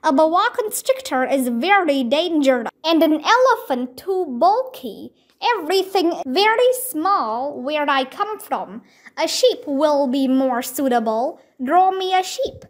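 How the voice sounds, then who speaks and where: A woman's voice: sits high, big pitch swings, measured pace. A woman reading a children's audiobook aloud and voicing a tiny boy prince from another world who is earnest, insistent and politely pleading.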